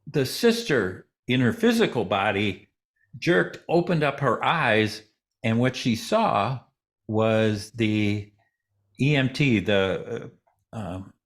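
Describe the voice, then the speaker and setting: A man, a guest in an interview, telling a story in a relaxed way and acting out the voices of the people in it. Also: mid-range voice, slow pace.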